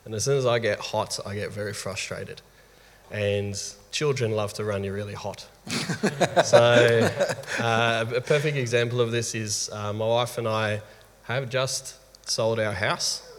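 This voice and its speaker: This is an Australian man in his thirties sharing a candid story about being a father. He tells it with lively energy and frequent laughter. His voice sits a touch low, and a long room reverb trails behind it. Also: unhurried. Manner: lively, animated storyteller who laughs often. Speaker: guest father.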